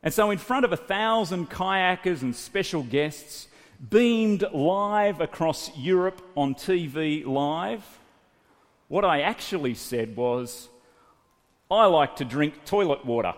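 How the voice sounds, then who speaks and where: A man in his late thirties from New South Wales with an Australian accent, preaching a sermon as animated storytelling. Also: sits high, slow pace. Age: late 30s. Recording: reverberant hall.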